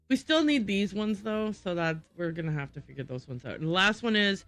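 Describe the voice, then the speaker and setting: A woman's voice: mid-range voice, creaky, pushed and bright, no room sound. A woman streaming a game, thinking aloud and muttering to herself as she works through word puzzles. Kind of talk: casual gameplay livestream.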